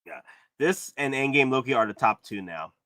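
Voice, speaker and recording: A man hosting a live stream, commenting excitedly on collectible figures and gushing with repeated exclamations. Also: medium pitch, normal speed, no echo, clean studio sound. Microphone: streaming setup.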